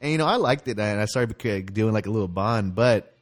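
A man's voice: lowish voice, fast, soft background music. A man in casual chat, telling stories animatedly and swearing freely. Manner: animated storytelling, heavy swearing.

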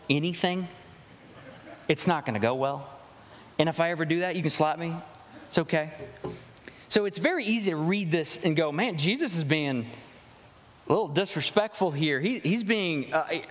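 A pastor giving a conversational sermon, acting out quoted lines as he explains a passage. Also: on the high side. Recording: long reverb of a large hall.

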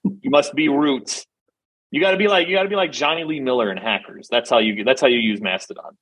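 A man's voice: mid-range voice, racing, fairly bright tone, husky, poor audio. A man co-hosting a podcast in casual chat, bantering and joking. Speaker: podcast co-host.

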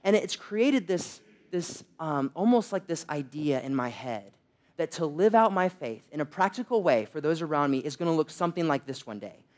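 A man's voice: on the high side, lively intonation, moderate pace. A young man preaching a sermon, telling humorous, self-deprecating stories. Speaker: pastor.

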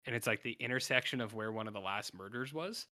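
Quick, bright and forceful, this mid-range male voice belongs to a podcast co-host chatting casually about an episode. He rambles, interrupts himself, and acts out what the characters said.

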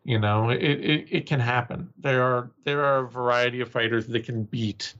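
A man co-hosting a podcast, talking through fighters and betting odds analytically and leaning on filler words. His voice is mid-pitched. The recording sounds dull and lo-fi. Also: fairly even intonation, normal speed, fairly bright tone. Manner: analytical, full of "you know" fillers. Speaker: podcast co-host. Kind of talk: casual fight-analysis chat.

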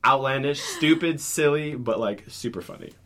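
A man's voice: mid-range voice, moderate pace, heavy background noise. Man co-host telling film scenes. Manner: rambling storytelling, laughs easily. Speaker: podcast co-host. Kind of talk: casual film discussion.

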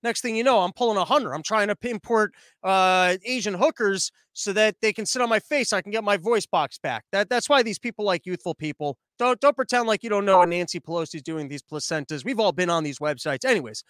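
A man's voice: high voice, a little fast, hardly any pauses, fairly bright tone, dry recording. A man comedian giving a rambling, sarcastic monologue with lots of fillers, recorded in his living room. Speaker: comedian hosting daily briefings. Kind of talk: casual comic monologue.

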